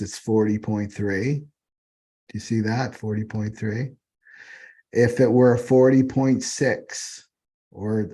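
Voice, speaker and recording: A man's voice: lowish voice, dark tone, breathy edge. A man teaching astrology off the cuff, rambling and often asking "right?" as he goes.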